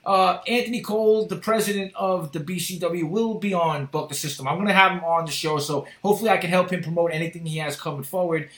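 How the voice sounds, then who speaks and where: A man hosting a podcast, telling stories in an animated, profane way. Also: sits high, fast talker, few pauses, reverberant. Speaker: podcast host. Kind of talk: casual chat.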